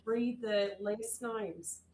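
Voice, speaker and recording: A woman's voice: medium pitch, extremely slow, heavy background noise. A woman co-hosting a casual live-streamed science chat, who swears, jokes and tosses in a put-on 'mate'. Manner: swearing, jokey, slips into a put-on Aussie 'mate'. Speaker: co-host.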